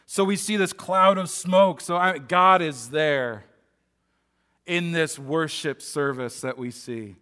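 A man's voice: a little high, slow pace, pushed and bright, clear, resonant tone. A man preaching a sermon in an earnest, conversational way, often restarting his phrases. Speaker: pastor.

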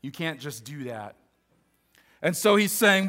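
A man's voice: a little high, big pitch swings, measured pace, long pauses, fairly bright tone. A man preaching a sermon in an earnest, conversational way, often restarting his phrases. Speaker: pastor.

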